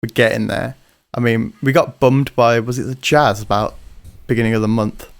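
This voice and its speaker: A man co-hosting a casual podcast, rambling and swearing freely as he teases his mates. His voice sits at an ordinary middle pitch, and his delivery is loose and conversational. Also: fairly even intonation, moderate pace. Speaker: podcast co-host. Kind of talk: casual banter.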